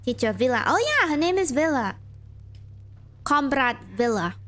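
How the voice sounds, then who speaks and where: A woman's voice: high-pitched, big pitch swings, moderate pace, fairly bright tone. A woman streaming a game, rambling and thinking aloud as she plays and reads the on-screen text. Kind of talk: casual gameplay commentary, reading game text aloud.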